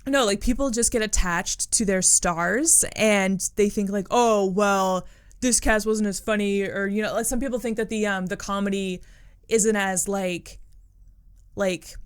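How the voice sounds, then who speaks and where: A woman's voice: mid-range voice, unhurried, clear, resonant tone. A woman co-hosting a podcast, chatting casually and rambling with lots of fillers. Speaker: podcast co-host. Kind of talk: casual chat.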